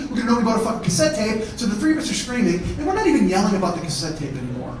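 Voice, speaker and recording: A man doing stand-up comedy, telling a profane story and shouting out the heated parts. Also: high-pitched, very animated, very fast, hardly any pauses, a little hiss or hum. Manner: profane, escalates to shouting in acted-out arguments. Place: theatre stage before a live audience. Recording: echoey theatre, mic at a distance.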